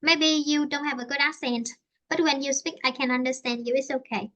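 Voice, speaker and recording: A woman with a Vietnamese accent teaching an online English lesson, explaining slowly in simple English and repeating herself. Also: high voice, steady tone, a bit bright, highs cut off.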